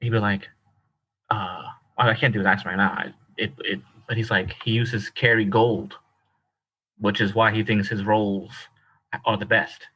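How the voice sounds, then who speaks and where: A man from Ireland co-hosting a podcast in casual chat, emphatic and quick to laugh, using slang like bro and dude. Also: fairly low pitch, little pitch movement, sharp tone, husky, low-quality recording. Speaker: podcast co-host.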